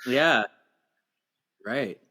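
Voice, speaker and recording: A man in casual podcast chat, running through a film's plot. He slips into playful voices for the characters and laughs often. His voice sits at an everyday middle pitch. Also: very slow, sharp tone. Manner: playful, acts out characters' lines while recapping, laughs often. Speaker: podcast co-host. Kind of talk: casual movie recap chat.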